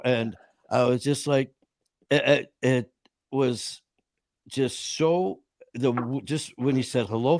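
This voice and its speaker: This is casual storytelling from a man in his fifties who rambles, acts out quoted voices and often restarts sentences. His voice is medium-pitched, captured in clean studio sound with no room sound.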